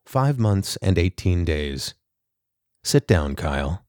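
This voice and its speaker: A man voicing a soothing, self-assured artificial intelligence that speaks calmly. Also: low-pitched, slow pace, dry recording, clean studio sound, heavily acted. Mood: commanding. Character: calm, all-knowing male home AI.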